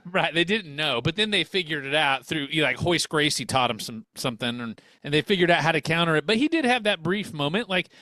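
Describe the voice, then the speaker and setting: A man co-hosting a wrestling radio show with big, theatrical rants. His voice is fairly high and swings widely in pitch. The sound is close and dry. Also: a little fast, few pauses, no room sound. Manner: animated, exaggerated rants. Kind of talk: casual comedic banter.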